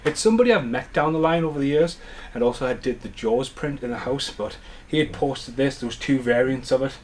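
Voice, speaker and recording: A man's voice: medium pitch, fairly quick. Brief: male home-video collector, mid-range voice, rambling and eager unboxing chat, faint background hiss. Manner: chatty, rambling, enthusiastic. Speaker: home media collector vlogger.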